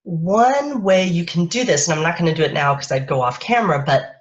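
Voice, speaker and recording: Soft-spoken woman coach, lo-fi stream. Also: fairly low pitch, expressive. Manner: soft, unhurried, lulling delivery. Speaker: parenting coach. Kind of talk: live-streamed parenting talk. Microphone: webcam or phone on a live video stream. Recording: dull lo-fi stream audio.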